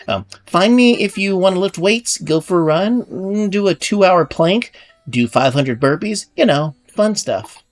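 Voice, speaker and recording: A man voicing an energetic male duck villager who loves workouts, reading his game lines in an upbeat sporty pep-talk way. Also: on the high side, voice pushed up. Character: peppy male duck fitness buff, energetic. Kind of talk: reading game dialogue aloud.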